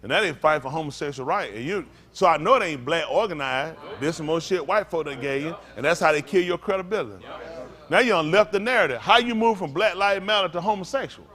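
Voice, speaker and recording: High bright-voiced male pastor preaching. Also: fast. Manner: blunt, profane, rambling preaching. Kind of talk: informal sermon.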